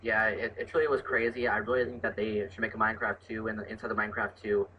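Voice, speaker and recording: A man's voice: on the low side, little pitch movement, quick pace, pushed and bright, low-quality recording. A young man chatting casually about a video game, rambling and restarting his sentences. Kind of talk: casual gaming chat. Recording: faint background noise.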